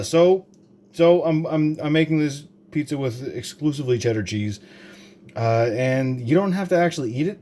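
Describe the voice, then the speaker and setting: A man's voice: a little high, normal speed, mellow. A young man from Canada, talking through a home cooking demonstration in a rambling, joking, profane way full of fillers. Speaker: home cook vlogger. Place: home kitchen.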